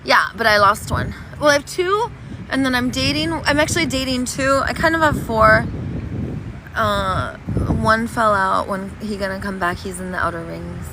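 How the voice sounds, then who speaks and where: A woman chatting on a casual livestream outdoors, reading chat in a playful, doting, sing-song way. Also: high voice. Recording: noisy outdoor street recording. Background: traffic noise.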